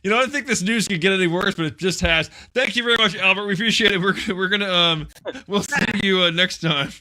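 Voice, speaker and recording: A man with a very bright, forward tone and a slightly raised pitch, co-hosting a live comedy show. He keeps needling the guest with playful questions, tripping over his words as he riffs. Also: fast. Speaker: comedy podcast co-host. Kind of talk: live improvised comedy interview.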